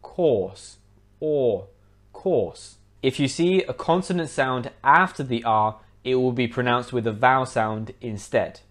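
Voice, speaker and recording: Southern English male teacher, mid-pitched, says each word slowly and clearly, jokes lightly. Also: a bit bright. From south of England. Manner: slow, clear modelling of words, light joking. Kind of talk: pronunciation lesson.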